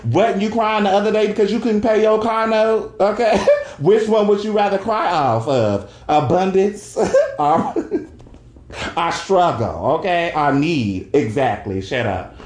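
A man's voice: measured pace, darkish tone. A man podcasting in a brash, profane casual rant, laughing often and tagging lines with "okay?". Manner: jumps into high falsetto for quoted bits; frequent laughter and "okay?" tags. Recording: roomy echo.

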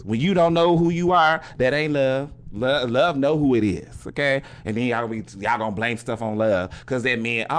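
A man hosting a casual spiritual podcast monologue in an animated way, laughing often, swearing freely and checking in with "okay?" after nearly every point. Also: medium pitch. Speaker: podcast host.

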